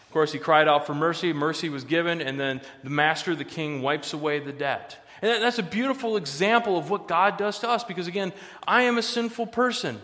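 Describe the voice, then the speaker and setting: A man's voice: a little high, brisk, a bit bright, in a large hall. A man pastor giving a sermon in a conversational way, with joking asides between the serious points.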